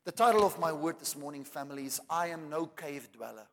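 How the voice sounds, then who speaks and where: Male pastor preaching, slightly high voice, big dramatic swings, long church echo. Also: animated, a little fast. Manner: dramatic preaching with rising shouts and soft drops. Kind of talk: sermon. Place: church hall. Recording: long hall reverb.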